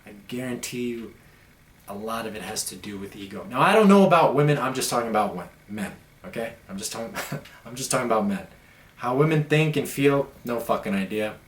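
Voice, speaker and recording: A man's voice: mid-range voice, lively intonation, fairly quick. A young man talking blunt, profane and emphatic in a casual monologue as a podcast host. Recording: echoey room.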